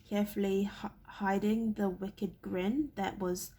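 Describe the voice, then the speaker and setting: Woman narrator reading a novel, slow and halting, gravelly husky voice, stumbles often. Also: medium pitch, fairly even intonation, mellow. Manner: halting, stumbling and repeating words. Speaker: reader.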